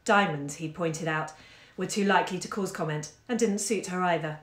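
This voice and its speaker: A woman reading a short story aloud, measured and expressive, growing soft in the sad parts. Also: on the low side. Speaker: bookshop owner reading aloud. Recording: roomy echo.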